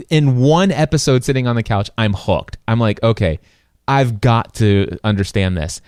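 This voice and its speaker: A man hosting a podcast, telling a story in an animated, excitable way with many restarts. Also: mid-range voice, normal speed, clean tone, no room sound, clean studio sound. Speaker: podcast host. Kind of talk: casual storytelling chat.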